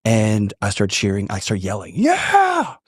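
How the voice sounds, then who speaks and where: A man with a drawl telling a personal story on a podcast in an earnest, animated way. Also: fairly low pitch, moderate pace, no room sound, studio quality. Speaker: podcast guest. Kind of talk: storytelling conversation.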